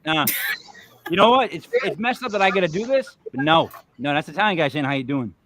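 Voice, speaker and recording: A man hosting a casual group chat, loud and joking, often repeating himself. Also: high voice, animated, a little fast, a little hiss or hum. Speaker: show host.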